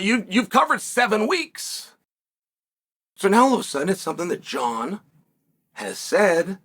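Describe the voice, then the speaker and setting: A high-pitched, lively male host talks straight to his audience. His voice is bright and slightly husky, with emphatic stretches and drawn-out pauses for effect. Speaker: show host. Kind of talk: solo commentary.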